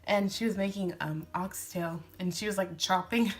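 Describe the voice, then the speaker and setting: A woman's voice: mid-range voice, steady tone, moderate pace. A young woman vlogging as she does her makeup, telling a sweet love story in a casual, emotional way, teary and slipping into whispers now and then. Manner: emotional, tearful, breaking into whispers and laughs. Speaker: beauty vlogger. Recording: faint background music.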